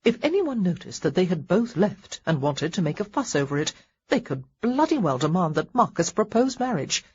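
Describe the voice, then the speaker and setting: A woman narrating an audiobook with wry, expressive storytelling. Her voice is husky and breathy, and it rises and falls in lively sweeps. The audio has a dull, muffled quality. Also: on the low side, normal speed. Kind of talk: scripted narration.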